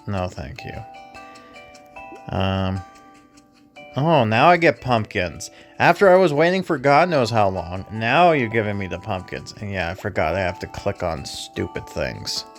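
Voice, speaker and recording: A man's voice: on the low side, expressive, measured pace, faint music behind. A man casually commenting as he plays a video game, often sarcastic and exasperated. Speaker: gaming streamer.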